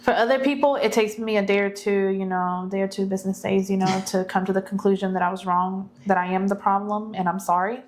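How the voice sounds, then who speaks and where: A woman's voice: medium pitch, steady tone, fast, hardly any pauses. A married woman co-hosting a casual podcast chat, candid and slipping in jokey asides. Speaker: podcast co-host.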